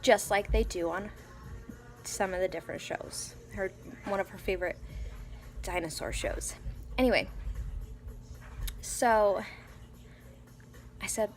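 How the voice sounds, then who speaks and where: A young mother of three small children tells a story casually in a home vlog, speaking slowly with long pauses in a medium-pitched voice. She rambles with lots of fillers and restarts and quotes her child in a soft whisper, while faint music plays behind her.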